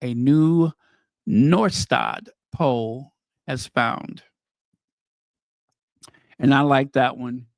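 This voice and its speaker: A man's voice: medium pitch, drawn-out words, pauses often, a little mellow, no echo, studio quality. A man hosting a commentary channel, reading news headlines aloud and reacting to them with casual, opinionated asides.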